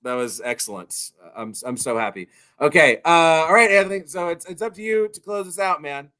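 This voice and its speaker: A man hosting a casual comedy show, loud and laughing, saying y'all. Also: fairly high pitch, fairly quick. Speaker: podcast host. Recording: music in background.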